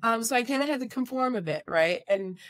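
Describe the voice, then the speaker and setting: A woman guest with an American accent, born in New Jersey and raised in England, telling stories in a casual interview and doing lively impressions of people. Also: on the high side, brisk, no echo. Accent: American, with a British accent that comes out at times. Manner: animated anecdotes with impressions and laughs. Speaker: guest, voiceover artist and filmmaker.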